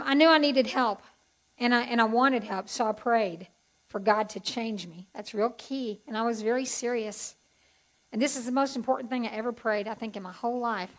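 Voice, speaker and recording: A woman's voice: mid-range voice, fairly bright tone, poor audio. A woman giving a chatty, heartfelt testimony as a Bible teacher to a group. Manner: folksy, chatty and heartfelt, with asides to the audience.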